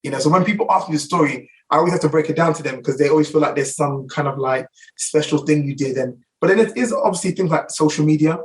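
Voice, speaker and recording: A middle-aged London man talks in a rapid rush, piling on fillers and restarts. His voice sits slightly high. He sounds a little distant from the microphone. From England. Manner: rapid anecdotal, many fillers. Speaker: guest barber. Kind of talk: casual storytelling interview.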